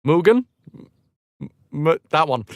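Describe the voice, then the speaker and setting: Lively, swearing man retelling a legend. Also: on the high side, slow, no echo, studio quality. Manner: animated, profane, jokey asides. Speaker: streamer. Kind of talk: casual retelling of a myth.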